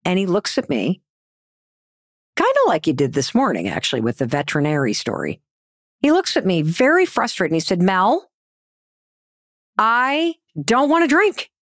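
Middle-aged woman doing a motivational talk, lowish voice that swings all over, dry close sound, punchy and repeats herself. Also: a little fast, breathy edge, no echo. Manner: emphatic, repeats key lines, lively storytelling. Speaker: speaker giving life advice. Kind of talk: motivational talk with personal stories.

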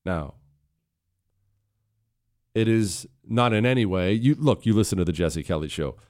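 A man hosting a political talk radio show, combative and sarcastic, rising to loud emphatic stretches. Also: lowish voice, lively intonation, a little slow. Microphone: studio microphone.

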